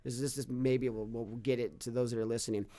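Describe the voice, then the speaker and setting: A man's voice: medium pitch, flat delivery, fast talker, warm tone. Earnest man telling stories. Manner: earnest, repeats and restarts words. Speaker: podcast guest, fitness business owner. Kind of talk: casual interview storytelling.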